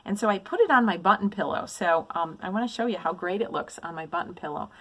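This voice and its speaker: A woman's voice: lowish voice, quick pace, a bit bright, poor audio. A woman vlogging casually about a stitching haul, gushing with repeated praise and frequent ums while showing items. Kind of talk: casual show-and-tell of a mail haul.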